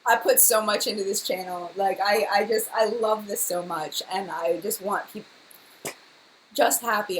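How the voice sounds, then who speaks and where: A young woman chats on a live stream at home, friendly and talkative, addressing her viewers by name. Her voice sits at an ordinary middle pitch. A faint hiss of noise runs underneath. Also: steady tone, a little slow, poor audio. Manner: chatty, emotional, talks to viewers by name. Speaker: beauty YouTuber hosting a live chat. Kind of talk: casual live-stream chat.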